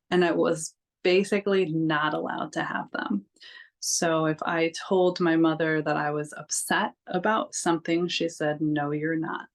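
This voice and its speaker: A young adult woman telling her own story in a vlog, candid and casual, with many fillers and frank swearing. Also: lowish voice. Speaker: vlogger.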